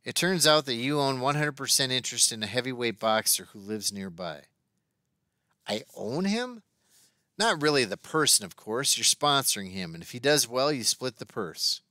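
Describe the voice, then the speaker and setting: A man voicing a careful, apologetic stockbroker who explains things in a measured way. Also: mid-range voice, animated, sharp tone, no echo, clean studio sound. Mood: explaining.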